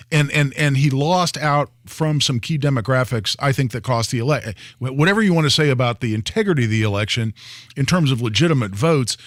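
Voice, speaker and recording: A man's voice: medium pitch, fairly bright tone, no room sound. A man co-hosting a talk radio show, earnest, often restarting his sentences and repeating words, speaking into a studio microphone. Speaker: guest radio host. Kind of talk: talk radio political discussion.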